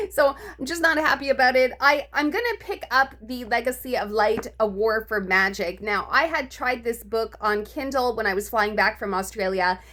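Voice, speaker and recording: A woman's voice: medium pitch, a bit bright. A woman book vlogger venting her frustration in a casual, profane rant, laughing between complaints. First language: English.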